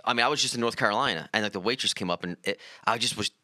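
Fast-talking man with a sharp voice. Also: lowish voice, no echo, studio quality. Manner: quick, animated, jokey. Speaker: podcast co-host. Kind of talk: casual chat.

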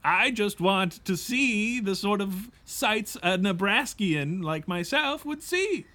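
A man's voice: high voice, lively intonation, takes it slowly, sharp tone, heavily acted. A man playing a bumbling folksy farm boy. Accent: rural Midwestern put-on. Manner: stammering, rambling, goofy. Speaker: improv comedy performer. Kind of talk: improvised comedy role-play.

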